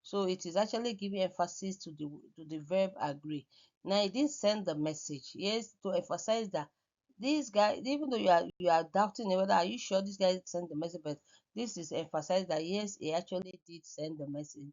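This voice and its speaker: A woman's voice: fairly low pitch, lively intonation, moderate pace, a little mellow, muffled recording. A woman lecturing on grammar over slides, hesitant, often repeating words and restarting. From Nigeria.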